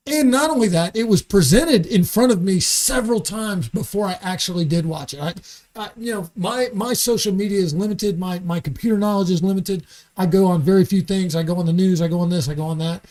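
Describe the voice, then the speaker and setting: A man's voice: high-pitched, a little fast, darkish tone. A man talking as a comedian guest in a podcast studio, heated and emphatic, swearing freely. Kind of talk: podcast conversation.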